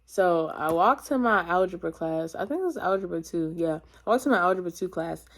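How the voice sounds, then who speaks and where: A woman's voice: lowish voice, lively intonation, a little fast. A young woman in her teens telling a personal storytime testimony in casual slang, rambling with many fillers and talking to her viewers. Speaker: vlogger.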